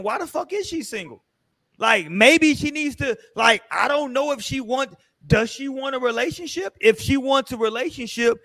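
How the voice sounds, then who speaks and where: Male podcast host, very high pitch, dry close sound, argues hard and swears freely. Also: bright, forceful tone, no echo. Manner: argues his point, repeats himself, swears freely. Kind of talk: casual panel debate.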